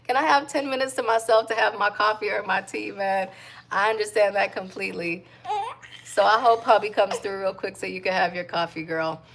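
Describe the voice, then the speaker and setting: Chatty young mom with gravelly voice. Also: female voice, medium pitch, fairly even intonation, brisk. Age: young adult. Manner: warm chatty shout-outs, coos baby talk to her infant. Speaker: mom vlogger reading live comments. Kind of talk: casual livestream chat.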